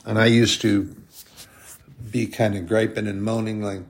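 A man preaching a sermon, slow and deliberate, drawing out his emphatic phrases. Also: lowish voice, steady tone.

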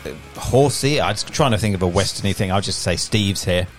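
A man's voice: low voice, brisk, soft background music. A man hosting a casual podcast chat, rambling and hesitant with lots of fillers. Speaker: podcast host.

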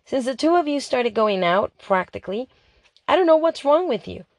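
A woman's voice: sits high, sing-song, normal speed, no echo, pitched above the performer's own voice. A woman voicing a superior, know-it-all teenage girl who lectures in an analytical way. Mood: lecturing.

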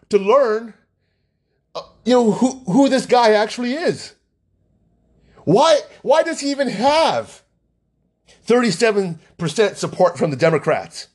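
A man's voice: sits high, darkish tone. A man ranting about politics in an agitated, angry way, often repeating himself. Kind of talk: heated political rant.

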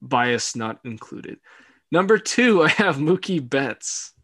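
A man's voice: on the high side, very animated, slow pace, fairly bright tone, dry recording. Laid-back young man, dry close sound. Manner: laughs often, hedging fillers. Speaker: podcast co-host. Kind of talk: casual sports podcast chat.

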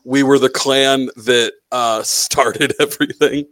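A man's voice: medium pitch, steady tone, slow pace, fairly bright tone, no echo. Profane, playfully combative male host. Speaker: podcast host. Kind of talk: casual podcast chat.

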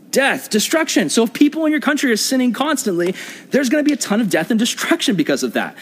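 A man's voice: high voice, in a large hall. A young man preaching a sermon to a youth group, talking conversationally and asking the group questions. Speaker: youth pastor.

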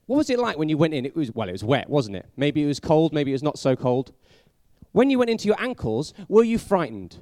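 A man preaching a sermon, telling it like a story and asking his listeners many questions, sometimes dropping to a hushed voice for emphasis. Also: on the high side, no room sound, studio quality. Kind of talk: sermon for a family audience.

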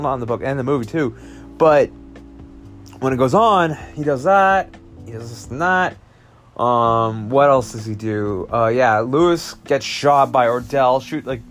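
A man at an ordinary mid pitch talks through a film's plot in a loose, casual way. He rambles, restarts his sentences and leans on fillers. Faint guitar music plays quietly behind him. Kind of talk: casual movie recap.

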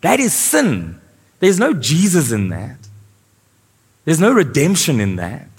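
A man's voice: on the high side, wildly swooping pitch, takes it slowly, slightly rough. A male pastor preaching a sermon, asking his congregation questions as he goes. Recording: live church sound with long reverb.

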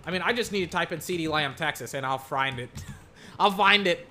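A young man chatting about football while watching game clips, rambling and excitable, breaking into mock play-by-play calls. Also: on the high side, fairly quick, slight background noise.

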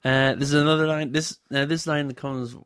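A man's voice: on the high side, level tone, moderate pace, fairly bright tone, clear, resonant tone, no echo, studio quality. A man in casual chat, laughing often and acting out quoted lines.

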